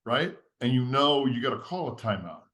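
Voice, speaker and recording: A man's voice: mid-range voice, animated, normal speed, a bit bright. A man, a podcast guest, earnestly walking through a step-by-step framework in a teacherly, structured way. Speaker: podcast guest, leadership author. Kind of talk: explaining a framework in conversation.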